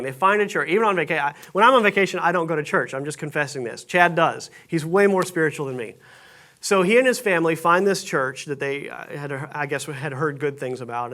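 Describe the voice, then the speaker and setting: Higher-voiced man preaching a sermon. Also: fairly bright tone. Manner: conversational, self-deprecating storytelling with frequent restarts. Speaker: pastor. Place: church sanctuary stage.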